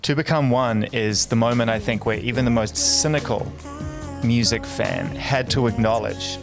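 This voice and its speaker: An excitable man with a New Zealand accent hosts a music interview, rambling through his questions with quick asides. His voice sits at an everyday middle pitch. Soft music plays underneath him. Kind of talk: casual interview chat.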